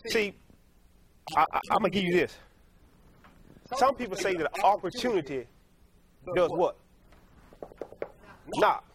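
A man's voice: high voice, lively intonation, measured pace, long pauses, a bit bright. A male preacher delivering a sermon in a folksy, repetitive way, often stopping to correct himself and laughing at his own stories. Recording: congregation heard behind.

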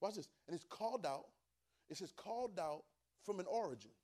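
Sex: man. Role: preacher. Style: high-voiced emphatic sermon. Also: expressive, a little fast, a little mellow. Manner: emphatic, repeats phrases, calls for responses from listeners. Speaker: preacher teaching a Bible class.

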